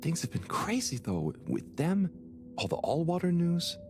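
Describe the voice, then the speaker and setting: A man's voice: fairly high pitch, huge pitch swings, a little slow, a little mellow, faint music behind, heavily acted. An actor playing Harold, a timid, polite young man in a video game, speaking in a mild, meek voice. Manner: mild, meek, self-effacing.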